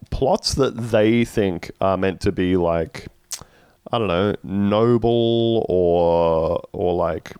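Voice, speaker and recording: A man's voice: low-pitched, darkish tone, smooth, no room sound. A man co-hosting a casual podcast, recapping a TV episode with profane, sarcastic humor. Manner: profane, sarcastic, acts out characters' lines in jokey voices. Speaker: podcast co-host.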